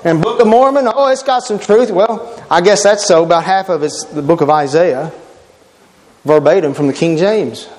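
A man's voice: a little high, moderate pace, darkish tone, long reverb tail, a little hiss or hum. A man preaching a sermon, emphatic and quoting scripture, repeating key words for stress.

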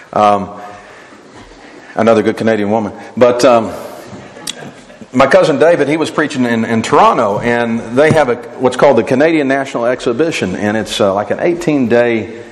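A man's voice: mid-range voice, normal speed. A man preaching a sermon, asking rhetorical questions and answering them, voicing imagined objectors as he goes. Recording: long hall reverb.

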